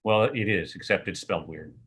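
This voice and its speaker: A man's voice: low-pitched, a little fast, a bit bright. A man co-hosting a live tech Q&A, chatting casually and making dry, self-mocking jokes. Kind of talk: casual live-stream banter.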